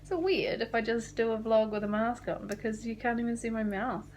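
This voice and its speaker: A woman's voice: a little high, brisk, a little mellow, slight background noise. A young woman from New Zealand with a New Zealand accent, rambling casually and swearing now and then in a vlog recorded in a small rented apartment. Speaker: vlogger.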